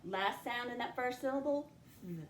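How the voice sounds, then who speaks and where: A woman teaching a spelling lesson, speaking slowly and clearly and sounding out each letter and syllable. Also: mid-range voice, expressive. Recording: echoey room with faint ambient noise.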